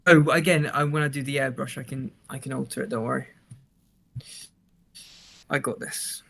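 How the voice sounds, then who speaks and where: A relaxed man chats on a livestream as he works on his artwork, sounding self-assured. His middle-pitched voice has a gravelly fry running through it. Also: fast. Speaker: co-host, artist. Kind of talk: casual livestream chat.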